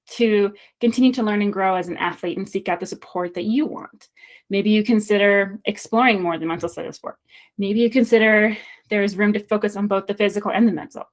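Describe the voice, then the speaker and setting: A young woman walks viewers through a sport psychology lesson at a mid pitch. She explains in a friendly, thoughtful way and pauses now and then to reflect. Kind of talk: recorded presentation lesson.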